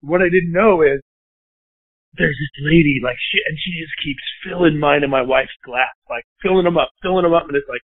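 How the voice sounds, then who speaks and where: A man hosting a podcast, telling a story in a lively, casual way, swearing and acting out what people said. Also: fairly high pitch, a little fast, no echo. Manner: lively, swearing, acts out quotes. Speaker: podcast host. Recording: dry, phone-like narrow sound.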